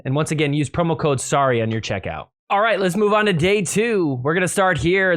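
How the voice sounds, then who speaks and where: A man hosting a podcast, recapping matches with excitable play-by-play and fast ad reads. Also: a little high. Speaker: podcast host. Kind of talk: casual recap commentary with ad read.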